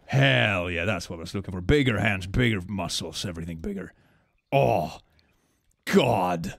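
A man streaming a game, commenting casually and excitably, swinging between gushing and mumbling with frequent laughs. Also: on the low side, normal speed, vocal fry, no room sound, studio quality.

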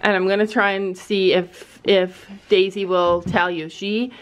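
A woman's voice: mid-range voice, flat delivery, unhurried, low-quality recording. A woman hosting a casual vlog on a cold horse farm, chatting to the camera, laughing often and cooing at her animals. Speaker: vlog host.

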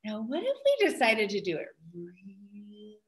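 A woman's voice: mid-range voice, wildly swooping pitch, unhurried, husky. A young woman who is a children's librarian, hosting a story time and cheerfully encouraging young kids.

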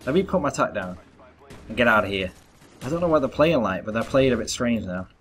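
A man's voice: mid-range voice, lively intonation, brisk, a little hiss or hum. A young man doing live gameplay commentary, talking to viewers and groaning at his misses. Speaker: gaming YouTuber. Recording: faint gunfire and game sounds.

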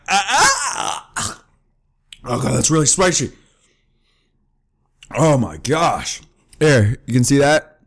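His mid-range voice carries vocal fry as the young YouTuber eats wasabi during joking gaming commentary. The spice leaves his eyes watering and voice strained, and he yelps and groans excitably.

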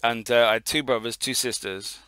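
Podcast guy rambling thru a story, swears a lot, bright edgy voice. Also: mid-range voice, steady tone, brisk, clear, resonant tone, dry recording. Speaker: podcast co-host. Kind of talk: casual podcast chat.

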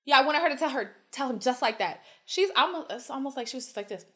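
A woman guest telling stories in casual chat, animated and swearing freely as she acts out quotes. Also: high-pitched, quick pace. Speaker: podcast guest.

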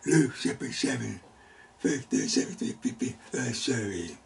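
A man teaching a Sunday school Bible lesson in halting, broken phrases, sometimes bursting out loudly. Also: mid-range voice, expressive, gravelly, recorded from a distance, slight background noise. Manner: halting, broken phrases with sudden loud exclamations. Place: church classroom.

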